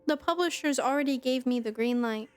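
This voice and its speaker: Casting: a woman reading a boastful 1940s husband, a slow swaggering drawl in a fairly high voice. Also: smooth, close to an everyday voice. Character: smug, swaggering 1940s husband and would-be writer.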